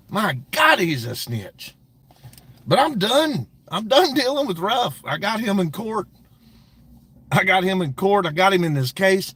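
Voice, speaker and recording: A man with a somewhat high voice hosts a casual livestream rant, speaking straight to his chat. He is brash, profane and mocking, and he laughs often as he talks. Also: big pitch swings, unhurried, a bit bright, husky. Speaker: livestream host.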